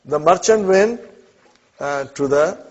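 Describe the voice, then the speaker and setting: In this dull, lo-fi classroom clip, a male Arabic teacher speaks slowly and expressively in a fairly high voice. He guides students through example sentences, patient and encouraging, frequently asking "huh?" and "okay?"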